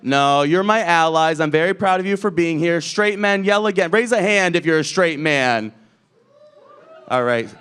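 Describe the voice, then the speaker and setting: A man's voice: fairly high pitch, lively intonation, normal speed, fairly bright tone, smooth. A man hosting a drag comedy show, doing stand-up crowd work on a club stage in a brash, profane way as he teases the audience.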